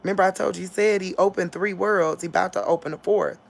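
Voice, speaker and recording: A woman giving an informal spiritual talk on a livestream. She laughs often and acts out quotes in a loud voice. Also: fairly low pitch, fairly even intonation, fast talker, vocal fry. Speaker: online preacher.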